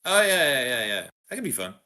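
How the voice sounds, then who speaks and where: A man's voice: mid-range voice, very animated, fast talker, pushed and bright. A man co-hosting a stream, easygoing, often stammering on his words. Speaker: co-host and reader. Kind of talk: casual stream chat.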